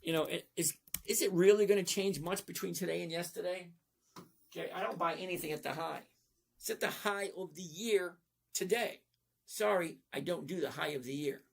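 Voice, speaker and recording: A man's voice: sits high, moderate pace, gravelly, a little hiss or hum. A middle-aged man hosting a live stream, answering viewer chat in a blunt, folksy, casual way. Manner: blunt, folksy, often asks okay?. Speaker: livestream host answering viewer chat about trading.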